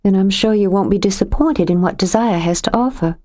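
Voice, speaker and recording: A woman voicing a jumpy young woman with a tense, high voice in an audiobook reading. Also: brisk, dark tone, close to an everyday voice. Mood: polite, guarded.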